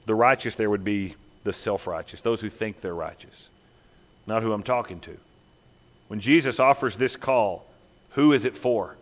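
A man preaching a sermon as pastor, emphatic, dropping to hushed, slow lines and rising again. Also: lowish voice. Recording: long reverb of a large hall.

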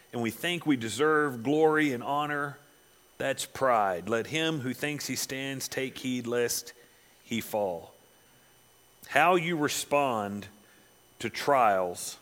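A man preaching a sermon, reading scripture dramatically and dropping to quiet, pointed asides. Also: medium pitch.

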